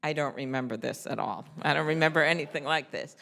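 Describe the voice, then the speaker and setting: A man's voice: on the high side, fast talker, creaky, bright, forceful tone. A woman quoting a dry old senator. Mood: dry wry. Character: elderly male senator, dry wry humor.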